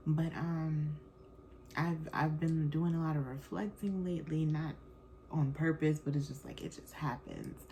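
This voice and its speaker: A woman's voice: low-pitched, fairly even intonation, measured pace, darkish tone, a little hiss or hum, rough recording. A woman in her thirties hosting her own podcast, talking casually with lots of fillers and slang. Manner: chatty and loose, frequent fillers and slang. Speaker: podcast host. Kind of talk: casual chat.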